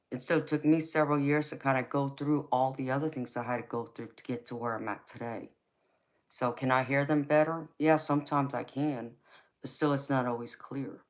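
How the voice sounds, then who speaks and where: A woman with a Southern US accent, a tarot reader chatting through a live reading, reassuring and loose, with lots of "you know". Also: very deep voice. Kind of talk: live-stream tarot reading, answering chat.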